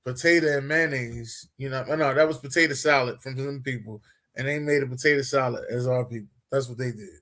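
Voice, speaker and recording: A man's voice: medium pitch, fairly quick, bright, forceful tone. A man co-hosting a podcast in casual chat, joking around and trailing off mid-thought. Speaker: podcast co-host.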